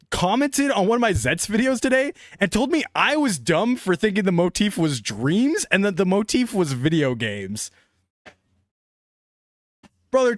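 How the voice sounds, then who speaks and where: A young man chatting casually on a live stream, excitable and laughing often. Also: high voice, no echo, clean studio sound.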